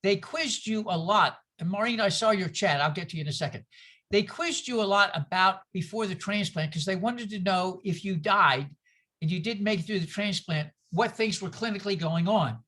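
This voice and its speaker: A man's voice: high-pitched, moderate pace, pushed and bright. A man leading a group discussion over a video call, telling a personal story earnestly and rambling with many restarts.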